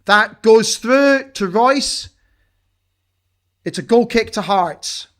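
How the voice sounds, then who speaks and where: Guy doing a live watch-along, high voice, gets loud and excited. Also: slow. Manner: excitable, shouts and cheers at big moments. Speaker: football watch-along host. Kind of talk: live match commentary and chat.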